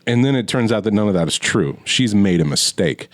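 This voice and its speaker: Sarcastic guy on a movie podcast, kinda low voice, cusses, dry sound. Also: lively intonation, a little fast, no echo. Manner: sarcastic, profane. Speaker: podcast co-host. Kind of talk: casual movie recap chat.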